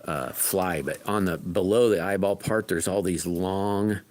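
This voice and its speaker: A man's voice: sits low, unhurried, a little mellow. A man hosting a casual live stream outdoors among his farm animals, rambling and trailing off mid-sentence, recorded on a phone. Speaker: livestream host.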